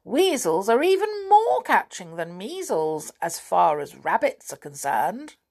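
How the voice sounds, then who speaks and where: A woman's voice: medium pitch, very animated, a little slow, creaky, darkish tone, full character voice. A woman voicing a chatty old male elf with a very long beard, fussy and fond of jokes, in a storybook reading.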